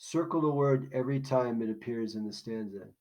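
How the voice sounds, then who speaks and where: A man's voice: mid-range voice, a little fast, darkish tone, low-quality recording. Man teaching a poetry lesson. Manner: casual explaining, asks questions and answers them himself. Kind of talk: recorded classroom lesson walkthrough.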